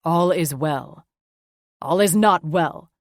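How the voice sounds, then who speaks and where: A woman's voice: deep voice, slow pace, no room sound, clean studio sound. A woman voicing an earnest, devout male werewolf, emphatic and heartfelt.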